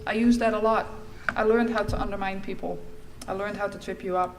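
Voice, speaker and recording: A woman's voice: mid-range voice, steady tone, brisk, a little hiss or hum. A middle-aged woman from the Netherlands, giving a candid, wry personal testimony as a speaker at a recovery meeting.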